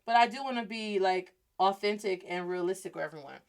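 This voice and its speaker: A woman's voice: mid-range voice, brisk. A woman in her thirties hosting a podcast, telling a story as a Spanish lesson and mixing Spanish into her English. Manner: animated, switches between Spanish and English. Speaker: podcast host.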